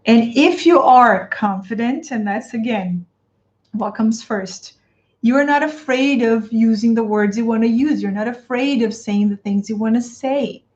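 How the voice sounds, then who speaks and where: A woman's voice: on the high side, measured pace, a little mellow. A woman from Brazil with a Brazilian Portuguese accent, coaching English teachers in a live stream. She answers viewer comments, talks straight to the audience and repeats her phrases. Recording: dull lo-fi stream audio.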